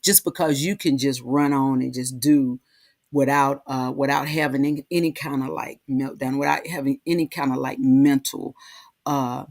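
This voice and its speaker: A woman hosting a heartfelt, casual talk, halting and repeating herself, often asking "right?". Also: rumbling low, vocal fry, darkish tone, dry recording, clean studio sound. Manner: halting, repeats words, frequent "right?" tags. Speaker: host.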